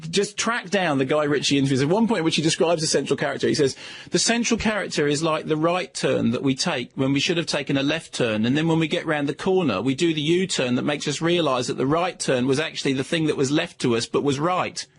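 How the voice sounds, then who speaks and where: Fast-talking wry film critic. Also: male voice, on the high side, slightly rough. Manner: rapid, wry, tangent-prone with stammered restarts. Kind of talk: radio film review chat.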